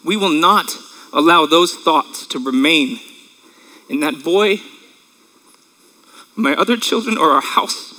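A man in his thirties delivers a sermon in a bright, slightly raised voice. His preaching is earnest and conversational. He sounds close to tears at times and clears his throat now and then. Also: a little high, slow pace, long pauses, rough recording. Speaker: pastor.

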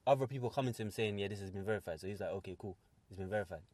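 A man with a lowish voice who talks at a very rapid clip. He makes his points emphatically in a casual religious discussion, often asking whether he is understood. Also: a little mellow, no echo.

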